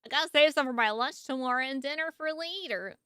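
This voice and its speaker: A woman's voice: sits high, quick pace, bright, forceful tone, dry recording, clean studio sound. A woman streamer in casual live-stream chat, playful and jokey, laughing often and yawning sleepily.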